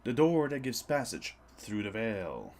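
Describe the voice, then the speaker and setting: A man voicing a mysterious male figure who speaks slowly and solemnly about a veil of mists in a game. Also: medium pitch, big pitch swings, darkish tone, a little hiss or hum.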